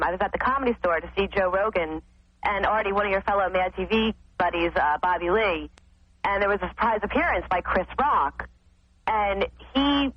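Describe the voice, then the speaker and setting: A man calling in to a radio show, eagerly praising and recounting a night out. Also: sits high. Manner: eager, gushing. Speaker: caller. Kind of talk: phone-in call. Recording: dull lo-fi phone line.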